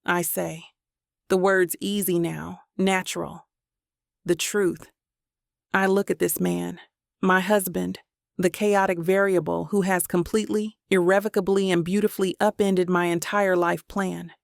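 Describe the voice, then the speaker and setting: A woman narrating a first-person romance audiobook in an intimate, steady way into a close mic. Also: lowish voice, a little slow, vocal fry, no room sound.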